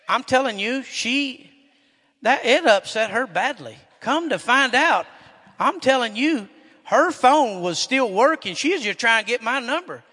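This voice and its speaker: A middle-aged man, a pastor preaching a sermon in a church and telling folksy stories, getting loud and animated when excited. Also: very high-pitched, unhurried. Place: church sanctuary. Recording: echoey hall with long reverb.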